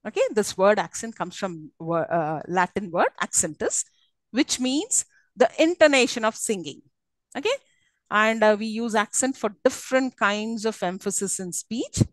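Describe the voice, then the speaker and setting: A woman's voice: medium pitch, lively intonation, moderate pace, no room sound, rough recording. A woman with an Indian English accent giving a live online university lecture, explaining at length with many fillers and restarts and often checking in with her class.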